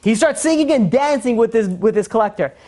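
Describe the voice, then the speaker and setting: Delivering a sermon, a male rabbi tells a story energetically, voicing the people in it and peppering his speech with fillers and restarts. His voice is very high and fairly quick.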